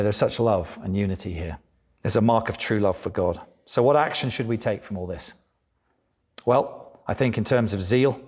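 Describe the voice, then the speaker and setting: A middle-aged man preaching a sermon, animated and acting out voices of the people in his story. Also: lowish voice, breathy edge. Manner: animated preaching, acts out voices of biblical figures.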